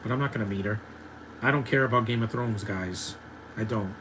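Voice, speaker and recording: A man's voice: lowish voice, fairly quick, a bit bright, a little hiss or hum, low-quality recording. A man in his thirties giving opinionated, ranting live commentary while watching a movie, laughing often. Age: 30s.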